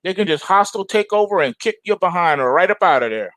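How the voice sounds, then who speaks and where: A man hosting a casual stock market show, ranting in animated, slangy asides. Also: high voice, fast, no echo.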